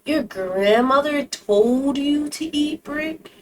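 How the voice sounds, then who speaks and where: A woman's voice: high voice, animated, slow. A woman hosting a reaction video, gasping and exclaiming as she comments on clips.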